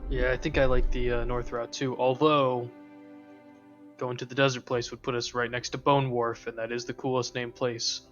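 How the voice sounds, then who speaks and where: A man chimes in as a tabletop game player in a flat, offhand way. His voice sounds muffled and lo-fi, with faint music in the background. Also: mid-range voice, normal speed.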